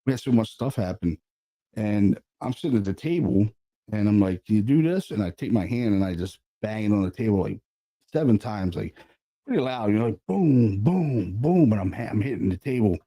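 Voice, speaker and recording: A man, a paranormal investigator, casually telling a story about an investigation, animated and sprinkled with swearing and fillers. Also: fairly low pitch, brisk.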